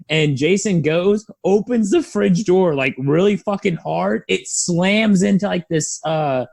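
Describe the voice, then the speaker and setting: A man's voice: on the high side, normal speed, creaky, hardly any pauses, darkish tone, no echo. A young man co-hosting a podcast, casually telling a crude work story and chiming in on his friend's tales. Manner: profane, laid-back, jumps in on stories. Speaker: podcast co-host.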